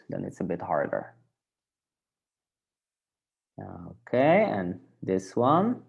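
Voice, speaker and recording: Slow, gravelly man teaching. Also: deep voice, sing-song. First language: Dutch. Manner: patient, repeats words for learners to copy. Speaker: language teacher. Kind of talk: language lesson.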